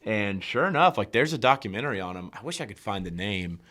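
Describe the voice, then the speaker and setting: A man's voice: fairly low pitch, fast talker. A young man, telling stories as a podcast guest in casual chat and acting out the quotes. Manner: animated storyteller acting out quotes. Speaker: podcast guest, small business owner.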